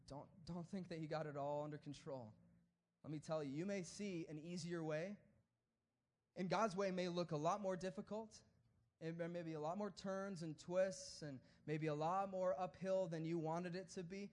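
High-voiced, chatty male preacher. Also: moderate pace. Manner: conversational, animated, swings from jokes to hushed earnest appeals. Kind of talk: sermon.

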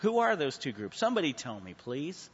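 A man teaching a Bible class in a church hall. He preaches with sudden swings from hushed to loud and asks the class questions, calling on people by name. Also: fairly high pitch, very animated, brisk, slightly rough. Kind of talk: Bible study sermon. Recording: muffled sound with a long hall reverb.

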